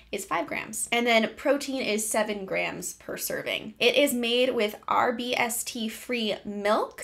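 A woman's voice: on the high side, vocal fry. A young adult woman, a fitness vlogger, giving a chatty, upbeat product review and reading out nutrition facts.

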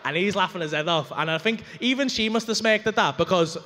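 A male stand-up comedian, telling an animated, sweary story and acting out the voices in it. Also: sits high, fast talker. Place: comedy club stage. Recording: live club recording with long reverb and faint room noise.

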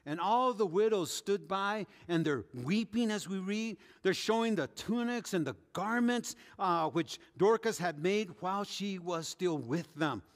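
A man with a notably high voice preaching a sermon, telling the story vividly and acting out the quoted speech of the people in it. His voice rings with a long hall reverb, as if in a church sanctuary. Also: expressive, unhurried, hardly any pauses. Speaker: pastor.

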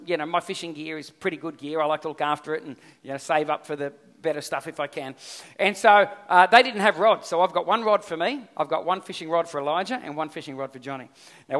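A middle-aged Australian man delivers a sermon in a high voice. His tone is bright and forceful, and he tells stories with lively energy, circling back over his points. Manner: storytelling, animated, repeats himself. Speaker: pastor.

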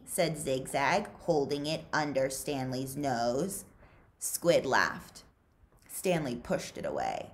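A woman reading a children's novel aloud for a library, expressive and unhurried. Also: very deep voice. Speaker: library read-aloud host.

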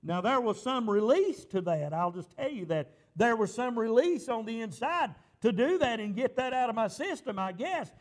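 A man's voice: extremely high pitch, very animated, normal speed, few pauses. A male pastor preaching a sermon, telling a personal story and rising into impassioned preaching.

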